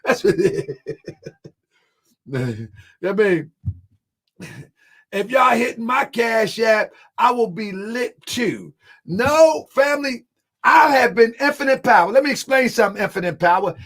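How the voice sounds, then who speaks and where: A man hosting a livestream. He talks loudly and with animation, laughs often, and reads out and answers viewer comments. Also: high voice, expressive, measured pace. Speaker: channel host.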